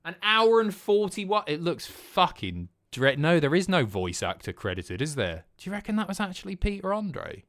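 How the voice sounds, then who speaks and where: A man's voice: fairly high pitch, big pitch swings, moderate pace, hardly any pauses. A man in his thirties, hosting a livestream in casual chat, with blunt, sweary, sardonic commentary. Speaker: livestream host.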